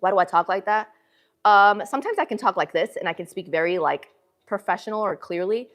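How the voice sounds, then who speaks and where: A woman's voice: mid-range voice, brisk, a bit bright. A woman hosting a casual livestream from a gym, with a northern city accent, talking to her viewers in a slangy, chatty way. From northern United States. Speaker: livestream host. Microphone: phone camera.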